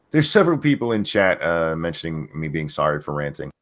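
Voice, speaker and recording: A man's voice: very deep voice, very animated, normal speed. Swearing, ranting man hosting a stream. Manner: blunt, swears a lot, fired-up ranting. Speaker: channel host. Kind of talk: profane ranting commentary on a stream.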